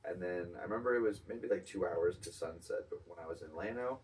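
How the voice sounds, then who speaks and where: A man's voice: low voice, fast, a little mellow. A young man casually telling a road-trip story on a podcast, laid-back and swearing. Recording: distant mic, faint room noise.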